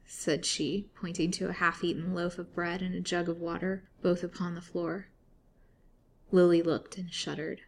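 A woman narrating a serialized story with steady, dramatic reading. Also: fairly low pitch, normal speed, a little hiss or hum.

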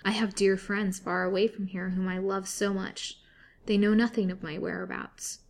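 A woman's voice: fairly low pitch, steady tone, moderate pace, natural voice. A woman voicing a starving imprisoned woman who pleads desperately, in a storybook reading. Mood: pleading. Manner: imploring, mournful storybook reading.

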